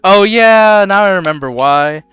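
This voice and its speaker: A man streaming a game, casually recapping the story and quoting the characters in slangy, animated asides. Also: sits high, unhurried, clean tone, no room sound.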